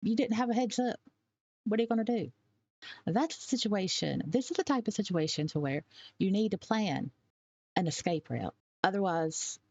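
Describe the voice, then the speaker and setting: Blunt, emphatic woman with a low voice. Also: no echo. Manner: emphatic and blunt, with sharp rises on stressed words. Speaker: commentary vlogger. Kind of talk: opinionated commentary.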